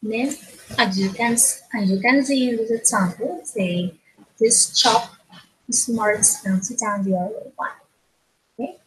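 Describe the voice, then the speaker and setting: A woman with a fairly high voice teaches an English grammar lesson at an unhurried, slow pace. She explains step by step, repeats words and phrases, and keeps checking in with her students through short tag questions. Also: a bit bright, breathy edge, rough recording.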